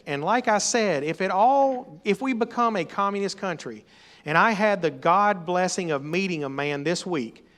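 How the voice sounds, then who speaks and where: A middle-aged man preaching a sermon, emphatic and rising to loud exhortation. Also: on the high side. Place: church or meeting hall.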